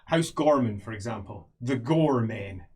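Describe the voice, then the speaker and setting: Male game master, playful narrator, lively melodic delivery. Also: medium pitch, a little slow, breathy edge.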